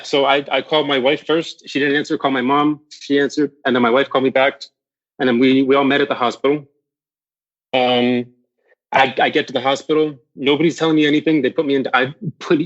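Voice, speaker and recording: A man's voice: mid-range voice, steady tone, brisk, lo-fi sound. A man as a podcast guest candidly recounting a personal near-death story, swearing freely and often restarting his sentences.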